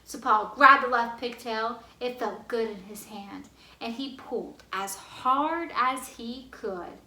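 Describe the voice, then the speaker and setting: Bright-voiced woman reading a children's story. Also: fairly high pitch, slow pace, reverberant, poor audio. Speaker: library book club reader.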